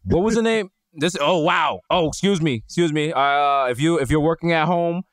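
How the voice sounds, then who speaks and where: A man's voice: fairly high pitch, normal speed, no room sound, clean studio sound. A man from the Bronx with a New York accent, co-hosting a podcast from home in loose, slangy, joking chat. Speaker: podcast co-host. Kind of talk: casual comedic chat.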